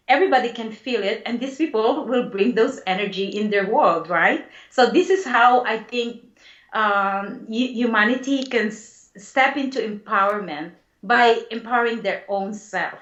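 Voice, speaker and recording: A woman guest, a spiritual healer, answering interview questions in a gentle, reflective way and laughing easily. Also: a little high, normal speed. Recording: dull lo-fi sound in an echoey room.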